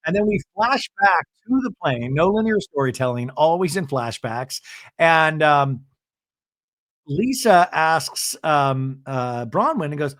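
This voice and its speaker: A man's voice: a little high, expressive, measured pace, fairly bright tone, no room sound. A man hosting a podcast, casually recapping a reality show and acting out the cast members' lines. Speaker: podcast host.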